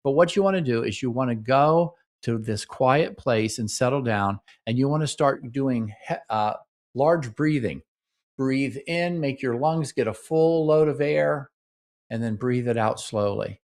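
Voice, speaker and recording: Male relationship host, mid-range voice, instructive and animated, acts out couples' lines. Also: medium pitch, a little slow. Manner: coaching, frequent "okay?" and "right?" check-ins. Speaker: relationship therapist and podcast host. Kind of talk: instructional talk.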